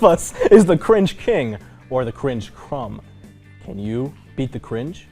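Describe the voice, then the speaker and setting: A man's voice: medium pitch, very animated, slow pace, a little mellow, faint music behind. A young man hosting a casual group chat in an upbeat, playful way. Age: young adult. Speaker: host.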